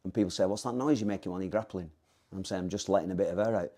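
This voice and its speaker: A man's voice: low-pitched, racing, warm tone. A man coaching on breathing and stance for mixed martial arts in a rambling, self-correcting instructional talk. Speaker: MMA coach.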